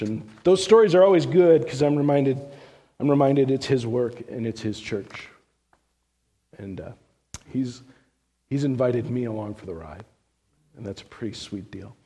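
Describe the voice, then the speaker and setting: A man's voice: mid-range voice, a little slow, pauses often. Middle-aged man preaching in a reverberant hall. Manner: animated storyteller, voice rising with the story's climax; loose and chatty, with frequent restarts. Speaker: visiting speaker on church missions. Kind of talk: sermon storytelling. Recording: long reverb of a large hall.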